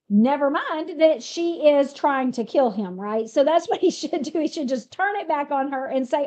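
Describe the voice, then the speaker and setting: A woman with a high voice retells a Bible story in a casual, chatty way. She is animated and keeps asking rhetorical questions of her listeners. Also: moderate pace, hardly any pauses. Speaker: Bible teacher.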